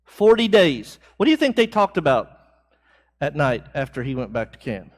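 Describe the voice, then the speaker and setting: A man's voice: mid-range voice, huge pitch swings, fairly quick. A man leading a church Bible class, talking conversationally, asking the class questions and building emphasis on key phrases. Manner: conversational, asks the class questions and answers back.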